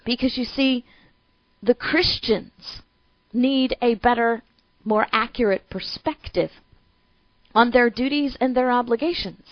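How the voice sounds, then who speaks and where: A woman with a Midwestern American accent hosting a political talk show, speaking in an energetic, emphatic and chatty way. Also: on the high side, unhurried, pauses often, no echo, muffled recording.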